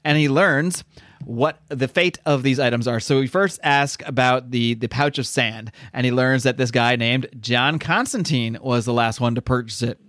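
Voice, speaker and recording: A man co-hosting a casual comic-book podcast, recapping the story in animated bursts, stammering and acting out the characters in quick asides. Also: mid-range voice, dry recording, studio quality. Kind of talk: casual chat.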